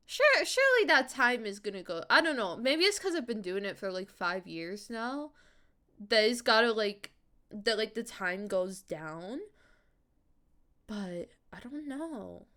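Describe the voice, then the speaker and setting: A woman streamer and voice actor chatting casually with her viewers, animated, laughing often and swearing freely, using a higher character voice. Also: measured pace.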